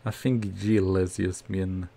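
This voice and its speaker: A man streaming a football management game, commenting casually on each play with nervous excitement and sudden shouts. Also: sits low, takes it slowly, gravelly. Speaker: gaming streamer.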